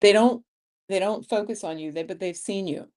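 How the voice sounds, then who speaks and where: A woman's voice: medium pitch, normal speed. A woman in her fifties hosting a casual livestream, chatting and laughing as she reads viewer comments. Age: 50s. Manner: chatty, laughs often, animated storytelling. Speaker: livestream host.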